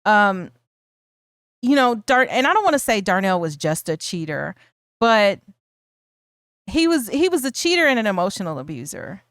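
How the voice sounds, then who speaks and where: A woman's voice: mid-range voice, very animated, moderate pace, long pauses, fairly bright tone, no echo, clean studio sound. A woman co-hosting a casual film discussion, thoughtful and laughing easily, often restarting her sentences. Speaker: podcast co-host.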